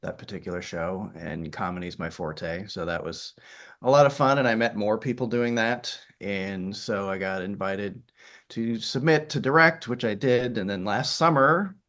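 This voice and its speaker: In an interview conversation, a theater director in middle age recounts stories with a faint Yooper accent from Michigan's Upper Peninsula. His voice is lowish and fairly bright, his pace moderate, and his talk loose with fillers and restarts.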